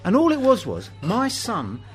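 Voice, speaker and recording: English bloke spinning pub stories, lively up and down voice, bit high, music faint behind. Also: male voice, unhurried, breathy edge, low-quality recording. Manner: animated anecdotes, acts out dialogue. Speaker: host. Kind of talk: pub chat storytelling.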